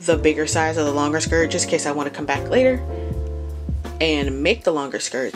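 A woman with a notably low voice walks through a sewing how-to in a relaxed, chatty way. She thinks aloud and restarts her sentences, and clearly audible mellow music plays under her talk. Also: a little fast. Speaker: sewing vlogger. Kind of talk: casual how-to explanation. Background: chill background music.

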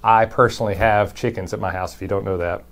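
Speaking fast in a lowish, fairly bright voice with a steady tone, a male pastor gives a brief, conversational recorded devotion. He reads passages of Scripture aloud with emphasis.

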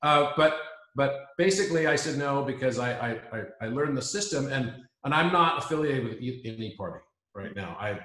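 A man's voice: mid-range voice, animated, a little fast, a bit bright. Earnest man speaking in a roomy echo. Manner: earnest, restarts sentences, repeats words. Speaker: interview guest. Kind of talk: reflective conversation.

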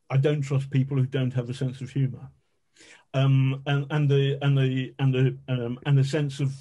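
A middle-aged man with a husky, mellow voice spins frank, self-mocking war stories as a podcast guest. He swears casually and laughs at himself as he goes. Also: mid-range voice. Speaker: guest, investigative journalist. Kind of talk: conversational storytelling.

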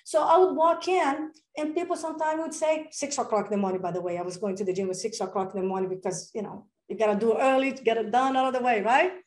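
An energetic, enthusiastic woman speaking as a real estate coach on a podcast, acting out little dialogues as she talks. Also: on the high side, quick pace, hardly any pauses, echoey room. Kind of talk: casual interview talk.

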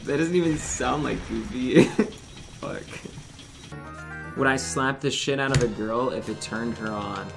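A man's voice: mid-range voice, creaky. A young man streaming a game, rambling and swearing as he chats, laughing often. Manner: profane, rambling, quick to laugh. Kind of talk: casual livestream commentary. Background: game music.

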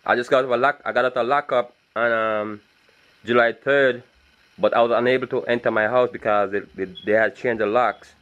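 A man's voice: mid-range voice, fairly even intonation, a little fast, a bit bright, dull audio. A man recording a casual video diary, stressed and repeating himself, with nervous laughs between his words. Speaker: vlogger.

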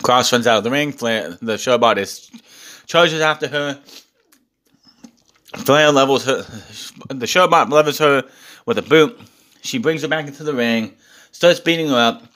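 A man's voice: mid-range voice, unhurried, long pauses, sharp tone. A man recapping a wrestling show in a casual, exasperated rant, swearing often.

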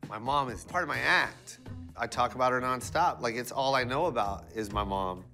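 Bright, energetic male stand-up comic. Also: medium pitch, moderate pace, soft background music. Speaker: stand-up comedian. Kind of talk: stand-up set and interview.

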